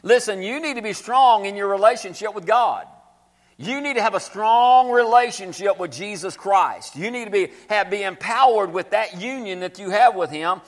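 A man's voice: high voice, moderate pace. A male pastor preaching a sermon, repeating scripture lines and calling on the congregation to say them back. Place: church sanctuary. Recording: echoey church hall.

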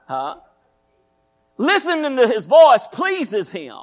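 A man's voice: high voice, wildly swooping pitch, slow pace. A man preaching a sermon as pastor, folksy and repetitive, often asking his congregation questions. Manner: folksy, repeats phrases, asks the congregation questions.

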